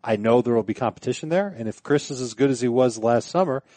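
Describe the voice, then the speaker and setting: A man's voice: mid-range voice, quick pace, warm tone, dry recording. A man co-hosting a sports podcast, talking casually with dry, wry humor. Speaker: podcast co-host.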